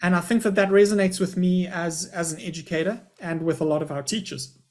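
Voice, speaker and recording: A man's voice: high voice, fairly quick, a little mellow. A middle-aged man, a school principal, giving a chatty, upbeat live webinar presentation over a video call.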